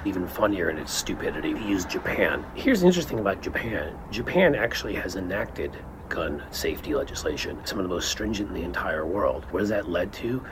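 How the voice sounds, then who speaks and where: Man, scornful ranting commentary, very low voice, clear traffic noise behind. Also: animated, brisk, hardly any pauses. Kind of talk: angry political commentary video.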